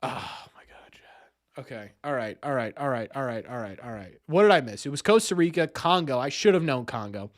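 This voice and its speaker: A man's voice: mid-range voice, animated, fast talker, hardly any pauses, dry recording, studio quality. A young man streaming, thinking aloud through a quiz and mocking himself when he gets answers wrong. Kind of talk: live stream chat.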